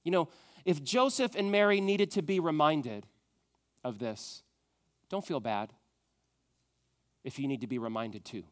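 A man preaching a sermon, moving from loud emphatic questions to a soft, hushed tone. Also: a little high, unhurried. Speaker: pastor.

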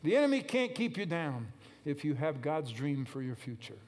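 In a slightly high, sing-song voice with a mildly mellow tone, a male preacher exhorts his congregation at a moderate pace. His delivery is emphatic and repetitive, built on call-and-response as he waits for replies.

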